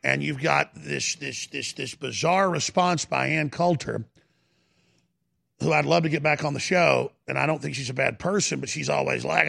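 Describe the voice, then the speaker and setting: A man's voice: a little high, normal speed, gravelly, a bit bright. A man hosting a talk radio show, ranting fervently and often repeating himself, taking callers.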